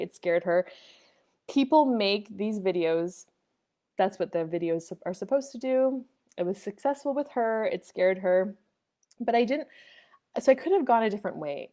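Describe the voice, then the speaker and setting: A woman's voice: mid-range voice, darkish tone. Rambling woman hosting a live chat. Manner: rambling, restarts, acts out quoted dialogue. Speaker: host of a live online coffee chat. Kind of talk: casual live-stream storytelling.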